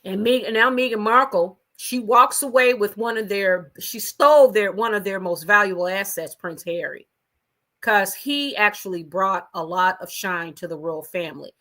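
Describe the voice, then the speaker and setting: A woman's voice: medium pitch, normal speed, pushed and bright. A woman hosting a casual gossip livestream from her own room at home, talking chattily and straight to her viewers. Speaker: livestream host.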